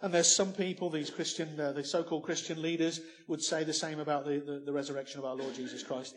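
Man, preacher, sermon, emphatic, rhetorical questions, slightly high voice. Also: flat delivery, quick pace, few pauses.

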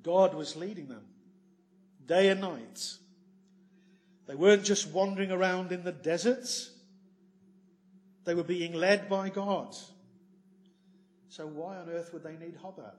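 A man preaching a sermon, full of tag questions and moving between loud emphasis and quiet asides. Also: high-pitched, measured pace, pauses often.

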